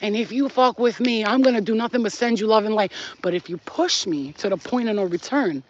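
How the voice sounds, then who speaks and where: A woman's voice: on the high side, a little fast. Blunt, profane woman with dull lo-fi sound. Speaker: spiritual channel host. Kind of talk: casual spiritual talk to camera.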